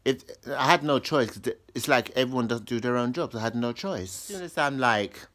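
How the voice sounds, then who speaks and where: A man's voice: medium pitch, brisk, fairly bright tone. A man telling a rambling story in casual chat, full of restarts and acted-out quotes. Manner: rambling, full of restarts, acts out others' lines in raised voices.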